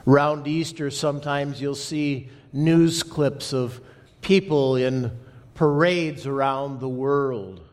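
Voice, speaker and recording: Slow preaching man in a reverberant church. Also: mid-range voice, fairly even intonation. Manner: slow, emphatic preaching with dramatic pauses. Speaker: pastor. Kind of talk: sermon. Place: church sanctuary. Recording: long reverb of a church hall.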